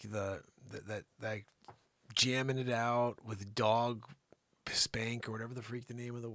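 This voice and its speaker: A man hosting an improvised comedy news show, rambling and joking, often dropping into low mumbles. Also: no room sound.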